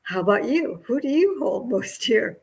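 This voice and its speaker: Calm queen, as a nun quotes her. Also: fairly high pitch, normal speed, husky, pitched above the performer's own voice, heavily acted. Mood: candid. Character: calm, self-assured queen of old.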